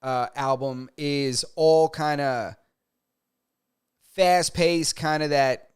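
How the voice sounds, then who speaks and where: A young man on a casual podcast, talking in a loose, joking, slang-heavy way. His voice is clear and smooth. It sits a little higher than most men's. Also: extremely slow. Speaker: podcast co-host. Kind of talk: casual chat.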